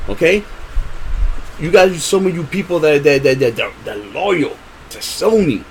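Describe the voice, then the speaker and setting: A man's voice: a little high, expressive, a little slow, a little hiss or hum. A man ranting passionately about gaming, swearing a lot and stumbling over repeated words and fillers. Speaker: gaming vlogger. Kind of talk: unscripted rant to camera.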